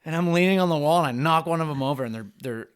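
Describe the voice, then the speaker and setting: A young man from Canada, a pro freeskier, telling a rambling, animated story on a podcast and saying "like" a lot. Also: fairly high pitch, rapid-fire, smooth. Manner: animated, rambling anecdotes full of "like".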